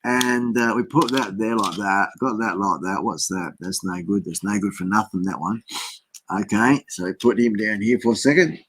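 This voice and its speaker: A man's voice: fairly low pitch, normal speed, a bit bright, a little hiss or hum. A middle-aged Australian man hosting a casual livestream from his home desk, rambling through greetings to viewers with many fillers. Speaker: livestream host. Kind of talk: casual live-stream chat.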